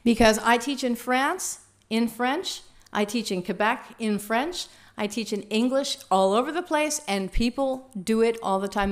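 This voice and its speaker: Woman workshop trainer, slightly high voice, conversational, draws the room in with questions. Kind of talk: teaching a workshop.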